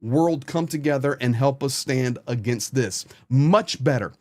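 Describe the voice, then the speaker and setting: A man's voice: medium pitch, unhurried, a little mellow. A man hosting his own channel, giving blunt, frustrated, impassioned commentary straight to the camera. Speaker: host, volunteer supporter.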